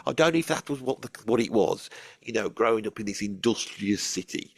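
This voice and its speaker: Man, Birmingham accent, gravelly voice, dry sound, grumbling, rambling comic monologue. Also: lowish voice, animated, brisk, no echo. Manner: grumpy, rambling, swears casually. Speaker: comic storyteller.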